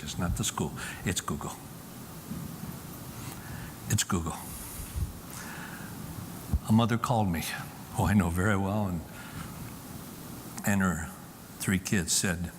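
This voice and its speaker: A man's voice: lowish voice, long reverb tail, slight background noise. A man giving an emphatic public talk from a stage to a live audience, often repeating key lines for effect. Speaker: Christian speaker.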